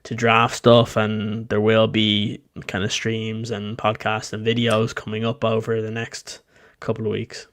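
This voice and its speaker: A man co-hosting a live sports podcast stream in a relaxed, conversational way. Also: lowish voice, unhurried. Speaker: podcast co-host.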